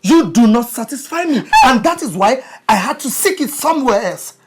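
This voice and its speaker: Man doing an aggrieved husband, loud, indignant, lively swinging voice. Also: very high-pitched, normal speed, noisy background. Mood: defiant. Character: jobless husband, aggrieved and defiant. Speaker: husband in a staged marital dispute.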